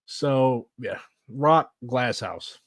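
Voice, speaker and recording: A man's voice: medium pitch, extremely slow, no echo, clean studio sound. A man giving casual, blunt political commentary while reacting to clips, swearing and saying "like" a lot. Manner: blunt, animated, swears, fillers like "like".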